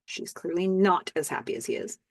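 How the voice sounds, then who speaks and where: A woman with a fairly low voice hosts a casual podcast recap, walking through scenes with plenty of fillers and sudden excited outbursts. Her voice sounds dry and close, with no room echo. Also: brisk, vocal fry. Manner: chatty, lots of fillers and "I don't know", excited outbursts. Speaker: podcast host recapping a TV episode.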